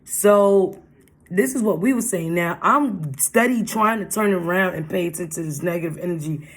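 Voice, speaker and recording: A casual storytime vlog told in a loose, rambling voice. The speaker circles back and repeats lines, leaning on slangy street talk. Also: medium pitch. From Brooklyn, New York. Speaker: vlogger.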